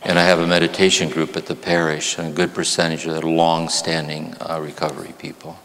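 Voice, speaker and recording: A man's voice: extremely low pitch, monotone. A man, a therapist and spiritual teacher, giving a reflective talk to a live audience in a church. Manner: reflective, slows and softens on key phrases. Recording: long hall reverb in a church.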